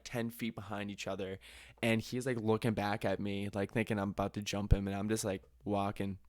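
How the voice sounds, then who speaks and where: Young guy on his podcast, lowish voice, dry close sound, laughs and cusses a lot telling a story. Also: no room sound. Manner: animated, laughs a lot, swears casually, acts out quotes. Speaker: podcast host. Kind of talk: casual storytelling.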